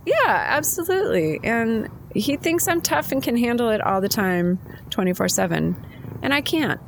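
A woman's voice: a little high, sing-song, moderate pace, gravelly, a little hiss or hum. A middle-aged woman co-hosting a casual chat, telling personal stories in a chatty, emotional way. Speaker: podcast co-host.

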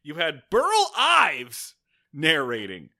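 A man's voice: on the high side, huge pitch swings, slow pace, pushed and bright. A man co-hosting a podcast, chatting casually and jokingly about movies, swearing now and then and laughing as he talks. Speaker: podcast co-host. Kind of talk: casual comedic movie chat.

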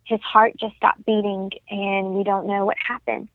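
A woman's voice: medium pitch, flat delivery, moderate pace, no echo. A young woman telling her story of loss in an earnest, heartfelt way as a podcast guest. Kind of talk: personal testimony in a podcast interview. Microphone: phone call. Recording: tinny phone line, dry.

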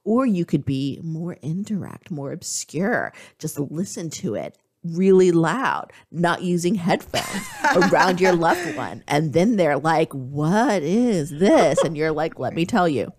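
A woman co-hosting a podcast, talking in a chatty, playful way with animated asides. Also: fairly low pitch, unhurried. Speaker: podcast co-host. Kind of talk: casual podcast chat.

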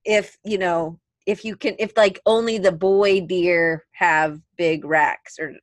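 A woman's voice: lowish voice, steady tone, takes it slowly, dry recording. Chatty woman, rambling and dry. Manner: rambling, self-correcting, chatty. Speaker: podcast co-host. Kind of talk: casual chat.

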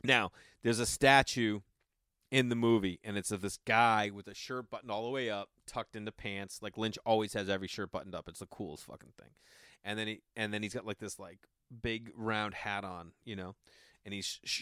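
Smooth-voiced man telling a rambling story. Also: fairly low pitch, fairly even intonation, normal speed, bright, forceful tone, no echo, clean studio sound. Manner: rambling, filler-heavy, swears freely. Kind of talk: casual storytelling.

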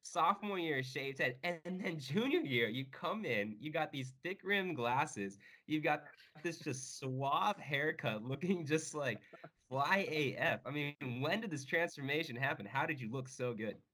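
A man's voice: a little high, animated, measured pace, pushed and bright. A man co-hosting a podcast who teases the guest in a playful, chatty way. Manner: playful, teasing. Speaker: podcast co-host. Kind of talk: casual interview chat.

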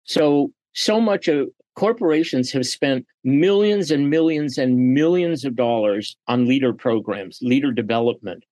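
Animated middle-aged man, dry close sound. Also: medium pitch, a little slow, few pauses, no echo. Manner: animated storyteller who acts out quoted dialogue. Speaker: guest, business leader and coach. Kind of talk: podcast interview.

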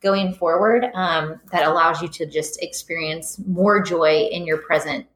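A woman's voice: fairly low pitch, fairly even intonation, measured pace. A woman guest in a casual interview, earnest and thoughtful, with many fillers. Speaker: guest, business owner. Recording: echoey room.

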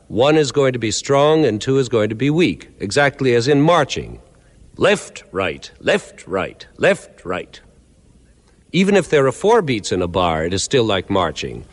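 Man, music lecture, measured and clear, animated pitch, echoing hall. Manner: clear, measured explaining, counting out beats. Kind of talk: explanatory lecture with counted demonstrations.

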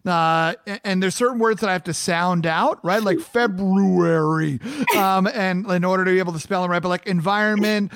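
A man co-hosting a podcast in casual chat, animated and laughing, with many fillers and restarts. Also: high voice, brisk, few pauses, clean tone. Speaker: podcast co-host.

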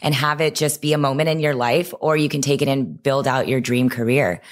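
Low-voiced woman telling her story. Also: brisk. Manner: animated storytelling with quoted inner voices. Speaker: guest. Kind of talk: podcast interview.

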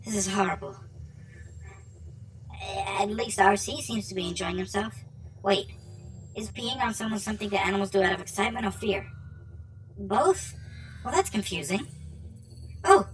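Woman acting robot companion, nervous, rambling, mid-pitched, faint music underneath. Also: close to an everyday voice. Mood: excited, urgent. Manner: nervous, rambling, quick to panic. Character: jittery non-biological robot companion.

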